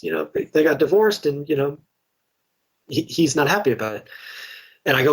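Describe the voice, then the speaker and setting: Middle-aged man, slightly breathy voice, frank and chatty interview guest. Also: on the high side, fairly quick. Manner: candid, conversational, many restarts. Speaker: real estate investor and guest. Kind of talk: casual podcast interview storytelling.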